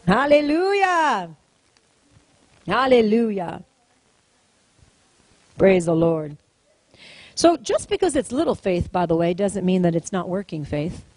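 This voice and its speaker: A woman's voice: mid-range voice, very animated, takes it slowly, pauses often, a little mellow, no room sound, low-quality recording. A woman preaching a sermon to a congregation, emphatic and repetitive, calling out to the room and getting them to repeat lines. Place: church service, in front of a congregation.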